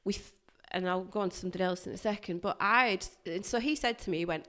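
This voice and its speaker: A woman, a guest recounting a hard workplace experience in a candid, animated way. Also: mid-range voice, fast, hardly any pauses. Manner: animated, emphatic retelling with bursts of loudness. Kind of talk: candid personal storytelling.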